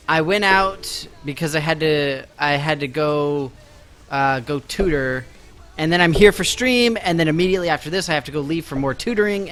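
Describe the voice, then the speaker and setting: The voice is a little high, pushed and bright. It belongs to a young game streamer chatting casually with viewers mid-game, mocking himself and joking about his busy day, with game music faintly audible.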